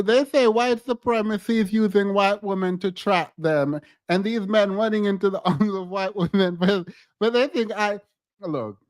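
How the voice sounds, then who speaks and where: A man's voice: high-pitched, darkish tone, no room sound. A man co-hosting a livestream, chatting casually and teasingly with viewers, laughing often and repeating phrases. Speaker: livestream co-host.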